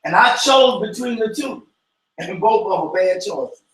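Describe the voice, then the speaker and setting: A man leading an informal Bible study, talking in an animated, preachy way that breaks into shouts. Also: sits high, moderate pace. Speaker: cell group teacher. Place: church room. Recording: echoey room from far off.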